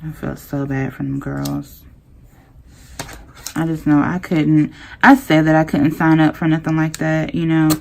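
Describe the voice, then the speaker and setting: A young woman rants casually to her viewers. Her voice sits low and has a gravelly edge. She talks to the audience like a close friend, with a lot of slang. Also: a little slow, slight background noise. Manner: animated, talks straight to viewers with southern-style slang. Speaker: planner vlogger. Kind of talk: casual chatty rant while planning.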